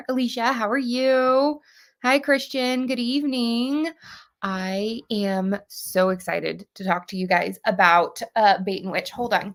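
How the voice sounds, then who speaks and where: A woman in her thirties hosting a book club livestream, bubbly and chatty, greeting viewers by name. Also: mid-range voice. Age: 30s. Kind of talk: casual livestream chat.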